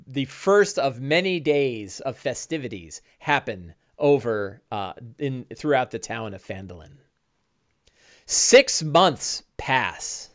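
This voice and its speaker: Rambling male game master. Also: mid-range voice. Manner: rambling, with frequent fillers and restarts. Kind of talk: narrating a tabletop game.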